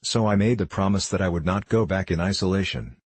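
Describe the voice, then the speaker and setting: A man with a low, slightly raspy voice answers interview questions in a reflective, heartfelt way. He tells a personal story candidly, and the recording is dry and close with no room sound. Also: a little fast, dry recording.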